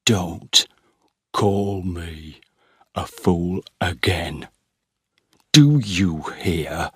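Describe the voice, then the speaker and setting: A man voicing a heavy, sullen young farmhand who speaks slowly and angrily. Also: low voice, expressive, husky, no echo, studio quality, exaggerated voice. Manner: heavy, slow and angry.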